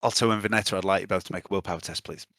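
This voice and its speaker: Bright-voiced man running a game. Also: low voice, rapid-fire, no room sound, studio quality. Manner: relaxed, with frequent fillers and restarts. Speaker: game master. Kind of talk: narrating a tabletop game.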